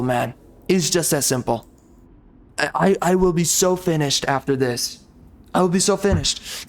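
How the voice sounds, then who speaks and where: A man ranting angrily and repeating himself while commenting over gameplay in a video. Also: fairly high pitch. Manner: angry, repetitive, exasperated ranting. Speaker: gaming video creator.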